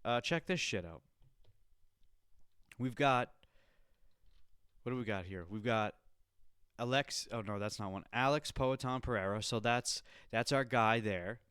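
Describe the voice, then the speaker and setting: A man hosting a podcast in casual chat, excitable and swearing freely, calling the listener dude. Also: mid-range voice, measured pace, pauses often, clear, resonant tone, no room sound, clean studio sound. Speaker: podcast host.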